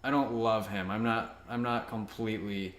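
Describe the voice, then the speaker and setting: A young man co-hosting a casual movie review chat, rambling and relaxed, laughing easily. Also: on the low side, moderate pace, a little hiss or hum. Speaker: co-host. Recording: echoey room.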